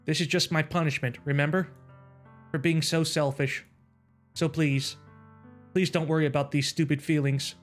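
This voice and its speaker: A man reading the lines of a cheerful teenage girl from a game, her forced cheer barely covering her pain. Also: deep voice. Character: cheerful teen girl, heartbroken and fragile.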